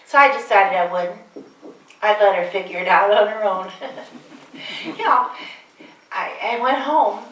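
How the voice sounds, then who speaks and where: An older Mary, played by a woman on stage spins her story with wry asides to the listeners. Her voice sits at an ordinary middle pitch. It comes from some distance in an echoey room. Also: a little slow, pauses often, fairly bright tone, natural voice. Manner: chatty, wry asides to the audience. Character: aged Virgin Mary, wry, homespun storyteller. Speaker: one-woman stage performer. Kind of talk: live character monologue.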